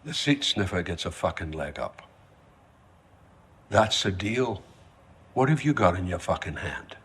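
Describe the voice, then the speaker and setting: An actor playing a domineering older media patriarch who talks bluntly and profanely in a television drama. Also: male voice, deep voice, sing-song, measured pace, a bit bright, breathy edge, full character voice. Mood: menacing. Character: domineering elderly male media patriarch, harsh.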